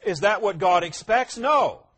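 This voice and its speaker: A man preaching a sermon, posing rhetorical questions and answering them emphatically, his voice rising loud and dropping quiet. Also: sits high, animated, a little slow, breathy edge. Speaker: pastor.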